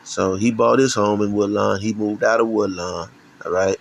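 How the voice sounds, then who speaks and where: A man's voice: fairly low pitch, steady tone, normal speed, gravelly, slight background noise, low-quality recording. A middle-aged man from Chicago giving a heated, profane religious rant, often stumbling and restarting his sentences. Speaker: channel host. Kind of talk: ranting religious commentary.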